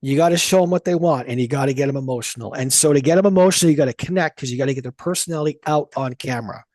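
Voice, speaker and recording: Woman sales coach on a video call, mellow voice, super dry close sound, blunt n swears a lot. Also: rumbling low, rapid-fire, no room sound. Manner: blunt, profane, energetic. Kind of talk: live group coaching call.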